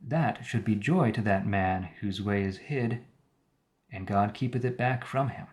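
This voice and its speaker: On a live stream, a man reads the Bible aloud, now and then pausing to paraphrase the old wording and add his own comments. His voice is fairly low and a little mellow.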